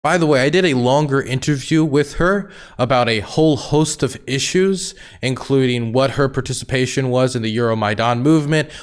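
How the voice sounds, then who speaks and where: A man hosting his channel, giving direct, explanatory commentary to camera. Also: mid-range voice. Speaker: host.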